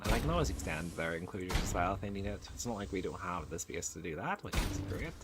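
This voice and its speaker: A man giving excitable let's play commentary, cooing at the baby creatures in his game. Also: lowish voice. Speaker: gaming channel host. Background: game music.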